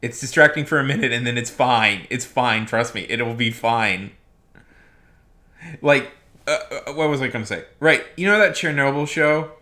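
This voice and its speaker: Guy on a stream ranting casually, bright voice, repeats himself a lot. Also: medium pitch, normal speed. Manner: emphatic, repeats himself, restarts often. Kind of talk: casual rambling commentary.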